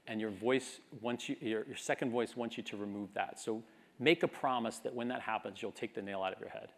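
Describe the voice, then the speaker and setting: Earnest man in his fifties giving a speech. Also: mid-range voice. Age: 50s. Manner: earnest, reflective, building to exhortation. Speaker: commencement speaker. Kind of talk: graduation speech.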